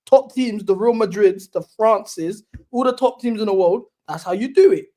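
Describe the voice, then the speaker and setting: A man's voice: high voice, normal speed, warm tone. A young man debating football on a casual video call, insistent and argumentative, often repeating himself. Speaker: football panel guest, Chelsea fan.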